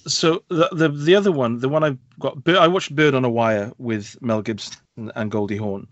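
British bloke rattling thru film picks, dead dry room, kinda muffled lo-fi sound. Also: male voice, medium pitch, no room sound. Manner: chatty, quick asides, self-deprecating humour. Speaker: podcast co-host. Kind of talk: casual film review chat. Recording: dry, dull lo-fi mic.

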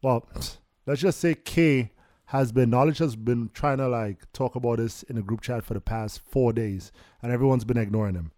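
A man's voice: medium pitch, normal speed, mellow, no room sound, studio quality. A man hosting a podcast, upbeat and leading the casual chat. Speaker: podcast host.

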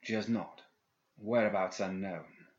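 A man's voice: low-pitched, steady tone, measured pace. A man voicing a small, stoic secretary who answers in clipped, formal reports. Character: small stoic male secretary with pince-nez. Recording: dull lo-fi recording.

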